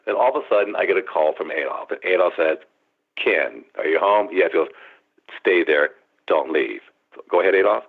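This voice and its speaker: Animated storyteller man on tinny phone. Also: low voice, normal speed, vocal fry, husky. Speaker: guest. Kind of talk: storytelling on a radio call-in.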